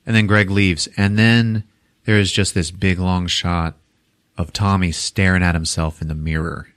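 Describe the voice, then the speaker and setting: A man's voice: deep voice, fairly even intonation, unhurried, a bit bright, clear, resonant tone. A man co-hosting a podcast who retells a movie's scenes in a casual, comedic way, swearing freely and laughing as he goes. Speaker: podcast co-host. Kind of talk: casual comedic film recap.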